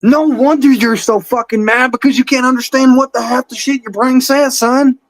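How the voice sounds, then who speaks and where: High-pitched man in a profane taunting rant. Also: flat delivery, moderate pace, a bit bright, no room sound, poor audio. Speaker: livestream host. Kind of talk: heated livestream rant.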